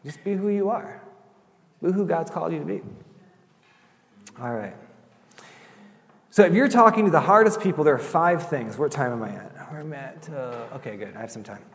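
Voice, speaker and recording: A middle-aged male pastor telling stories in a chatty, animated sermon, acting out the voices of the people he quotes. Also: a little high, brisk, long pauses. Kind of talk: sermon storytelling. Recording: long hall reverb.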